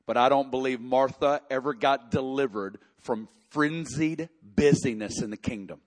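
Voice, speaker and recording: A man preaching a sermon, reading scripture and building to impassioned, near-shouted prayer. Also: mid-range voice, normal speed. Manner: impassioned preaching, rising to shouts in emotional passages. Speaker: pastor.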